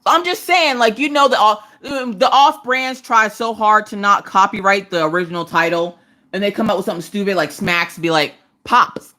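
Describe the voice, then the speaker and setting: Crafting on camera from her couch, this livestream host, a woman in her thirties, chats casually at a medium pitch and moderate pace. She tells animated stories and slips into character voices when quoting people.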